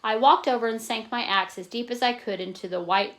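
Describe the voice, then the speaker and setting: A woman reading a novel aloud in a plain, steady way, stopping now and then to explain in casual asides. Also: a little high, brisk. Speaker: reader.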